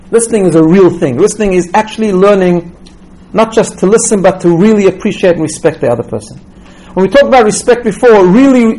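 A man's voice: high-pitched, dark tone, poor audio. A man giving a religious teaching talk, telling stories and checking in with "right?" as he goes, often repeating words as he restarts. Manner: storytelling, tags points with "right?".

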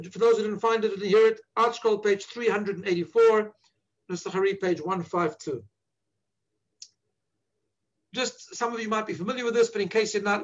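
A man's voice: high-pitched, fairly bright tone. A man teaching prayer to listeners as a rabbi, earnest and instructive, patiently repeating page references. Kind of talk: explaining the liturgy to listeners.

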